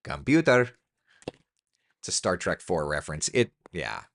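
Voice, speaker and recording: A man's voice: deep voice, very animated, measured pace, vocal fry. A man hosting a casual weather live stream, chatty and joking with viewers as he reads through the forecast. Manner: chatty, talks to the computer in mock frustration.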